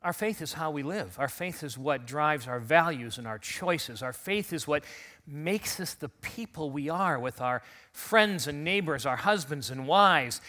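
A male pastor preaches an Easter sermon in a church, easy and conversational, coaxing the congregation into responses. His voice is bright and sits a little high. He is back on his feet after a recent illness. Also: lively intonation, unhurried. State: recovering from illness. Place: church sanctuary.

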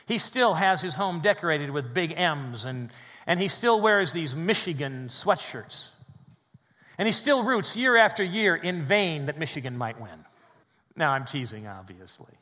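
A man preaching a sermon in a church, swinging between loud emphatic peaks and quiet, low drops. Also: sing-song, a little slow, big-room sound. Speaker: pastor. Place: church sanctuary with congregation.

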